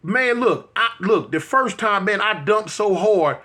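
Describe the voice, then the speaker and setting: A bright, ringing male voice telling a funny story from his own life. He is in his fifties, talks to the audience like old friends, and bursts into sound effects and exclamations as he acts out each moment. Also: high voice, expressive, a little slow. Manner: addresses listeners directly, colloquial. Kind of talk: comic personal storytelling.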